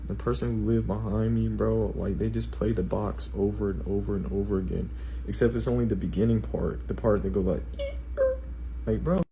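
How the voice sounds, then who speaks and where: Casting: young college guy, low and gravelly, lazy complaining storyteller. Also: fairly even intonation, fairly quick, mellow, slight background noise, low-quality recording. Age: young adult. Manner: laid-back, complaining storytelling. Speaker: college student. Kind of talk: casual story to camera.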